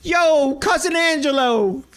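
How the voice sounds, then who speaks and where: A man's voice: very high-pitched, takes it slowly, a bit bright, voice pushed up, exaggerated voice. A man putting on a crude, boisterous Italian-American guy with an over-the-top bad Italian accent. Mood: rowdy taunting.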